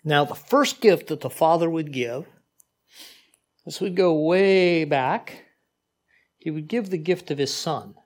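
A man preaching a sermon in a conversational, animated way, with frequent asides to the congregation. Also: on the high side, slow, pauses often. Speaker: pastor.

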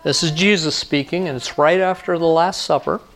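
A man's voice: fairly high pitch, fairly even intonation, normal speed, a bit bright, a little hiss or hum. Man preaching a conversational sermon. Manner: conversational preaching, repeats key lines for emphasis. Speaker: pastor.

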